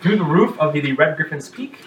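A man's voice: on the high side, expressive, brisk, lo-fi sound. A male game master narrating a tabletop game in a casual, rambling way with frequent laughs. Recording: echoey room from a distance, noisy.

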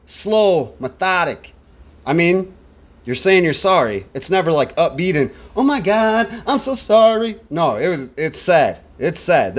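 Animated man reviewing an album. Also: high-pitched. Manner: animated, repeats words for emphasis. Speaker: music reviewer. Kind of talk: casual spoken album review.

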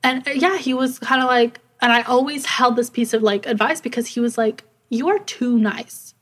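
Young woman podcast co-host, slightly high voice, rambling casual chatter. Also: fairly even intonation, fairly quick, fairly bright tone. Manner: rambling, fills speech with "like". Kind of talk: casual chat.

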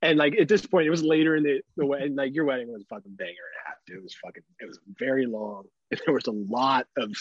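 A man in his thirties, a podcast co-host, swearing and laughing as he tells animated stories in casual chat. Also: medium pitch, quick pace, few pauses, breathy edge, no echo, dull audio. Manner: animated storyteller, swears a lot, laughs often.

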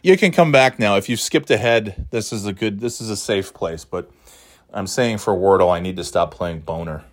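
A man's voice: fairly low pitch, normal speed. A man hosting his own podcast who rambles casually, swears freely and laughs often as he talks. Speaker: podcast host. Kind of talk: casual solo chat.

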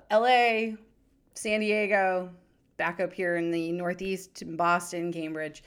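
A woman in her thirties hosting a podcast, telling stories in a chatty, animated way. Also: on the low side. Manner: chatty, animated, acts out quoted voices. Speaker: podcast host. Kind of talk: casual storytelling chat.

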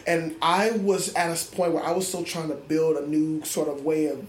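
With a fairly high pitch, little pitch movement, and a moderate pace, an adult man talks in an interview conversation. He is a middle school music teacher who speaks earnestly and reflectively, frequently restarting his sentences. The setting is an echoey room with faint ambience.

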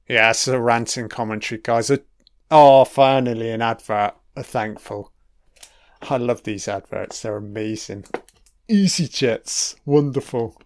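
A man's voice: mid-range voice, no room sound, studio quality. A man giving a profane, sarcastic ranting commentary while watching a TV episode.

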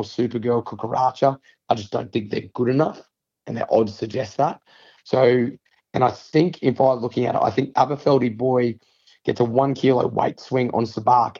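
A man's voice: medium pitch, a little mellow, lo-fi sound. An Australian man co-hosting a casual racing tips podcast, working through form lines at length with fillers and restarts. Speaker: racing tipster co-host.

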